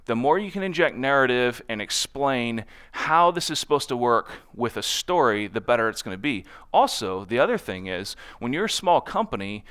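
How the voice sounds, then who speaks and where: A man's voice: medium pitch, sing-song, moderate pace, few pauses, fairly bright tone, clean tone. A man giving a conference talk in a conversational way, often checking in with the audience and acting out quotes in different voices. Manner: conversational, constantly checks in with "right?"; acts out other people's quotes in shifting voices. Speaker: conference speaker. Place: conference stage.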